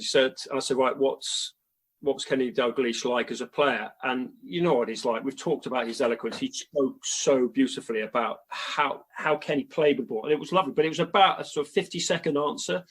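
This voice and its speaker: A male sports journalist guest telling an animated anecdote and quoting others at length. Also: medium pitch, fairly quick, breathy edge. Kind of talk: storytelling anecdote.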